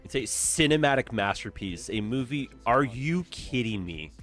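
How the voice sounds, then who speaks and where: A man's voice: mid-range voice, animated, moderate pace, fairly bright tone, faint music behind. A man streaming a city-building game, chatting casually and reacting with dramatic exclamations. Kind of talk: casual gameplay commentary.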